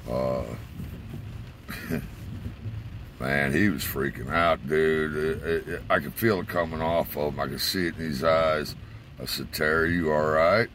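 A man's voice: very deep voice, measured pace, long pauses, a bit bright, slight background noise. A man telling a rambling, profane story in a casual way, chuckling as he goes, from inside a car.

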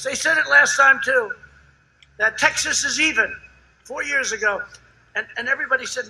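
Older male rally speaker: brassy, very bright voice, pitched fairly high, boastful and repetitive, with loud shouted peaks and quiet asides. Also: steady tone, moderate pace, a little hiss or hum, poor audio. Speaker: politician at a campaign rally. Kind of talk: rally speech. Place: outdoor rally before a large crowd.

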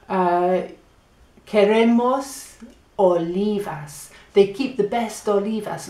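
A woman teaching a Spanish lesson for beginners, repeating words slowly for learners. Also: mid-range voice, mellow, roomy sound. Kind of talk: language lesson.

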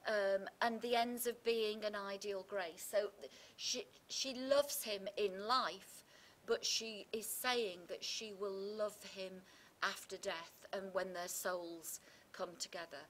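A woman's voice: mid-range voice, fairly even intonation, slow pace, fairly bright tone. A woman English teacher, explaining poetry terms with confidence and leaning on key words. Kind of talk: explanatory revision chat.

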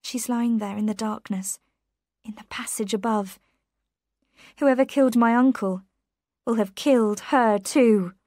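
A woman's voice: on the high side, measured pace, long pauses, darkish tone, dry recording, clean studio sound. A woman voicing a frightened young woman who speaks urgently and pleads. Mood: distressed.

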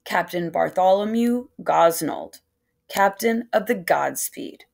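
A steady, patient reverend explains things in a calm, measured voice, as a woman reading the story gives him voice. The tone sits low and slightly gravelly. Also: full character voice. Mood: instructive.

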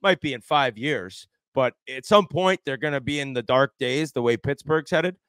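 A man's voice: mid-range voice, moderate pace, a bit bright, clear, resonant tone, no echo. A man in his forties telling locker-room stories and talking hockey in a casual, swearing podcast chat. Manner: swearing, storytelling, chirping banter. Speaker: podcast guest, former hockey player.

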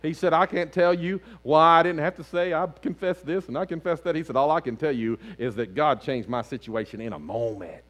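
A man preaching a sermon as lead pastor in a church sanctuary, animated, swinging between loud outbursts and hushed lines. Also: a little high, brisk, hardly any pauses.

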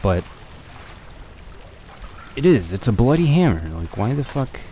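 A man's voice: medium pitch, sing-song, unhurried, mellow, slight background noise. A young man casually commenting on a horror game as he plays, swearing and talking to himself. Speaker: let's play gamer.

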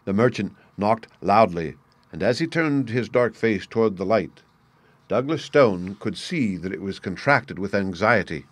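A man narrating a classic story aloud in a steady, clear storytelling manner. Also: lowish voice, measured pace, no room sound.

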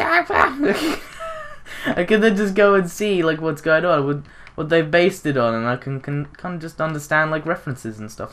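Young man, gaming YouTuber, rambling excitable commentary with gasps and giggles. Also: fairly high pitch. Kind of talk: casual gameplay commentary.

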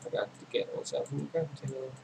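A man narrating his own video game play in a casual, rambling way, talking to himself, his voice a little hoarse. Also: medium pitch, flat delivery, fast talker, noisy background. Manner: rambling, talks to himself while playing. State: losing his voice. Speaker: gaming channel host. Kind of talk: casual gameplay commentary.

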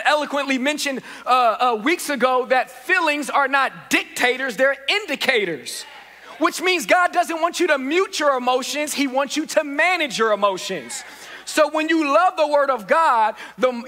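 A man's voice: very high voice, bright, forceful tone. A man preaching a sermon as pastor, building repeated refrains and calling for the congregation to answer back. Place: church sanctuary. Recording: reverberant church hall.

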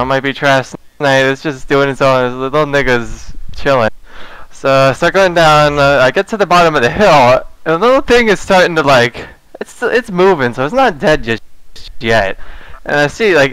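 Smooth-voiced man telling a rambling story. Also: medium pitch, expressive, normal speed, fairly bright tone, dry recording, rough recording. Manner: rambling, profane, laughs through his own story. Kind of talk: casual storytelling to friends.

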